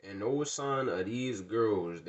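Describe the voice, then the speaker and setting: A man telling a funny personal story in casual slang, acting out the dialogue and bursting into loud rants. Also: on the low side, expressive, takes it slowly, muffled recording.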